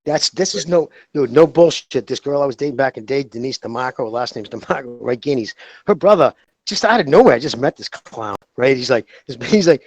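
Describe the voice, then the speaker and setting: A man's voice: medium pitch, animated, fairly quick, no echo, poor audio. A man co-hosting a podcast in casual chat, talking in a heated, profane, rambling way. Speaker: podcast co-host.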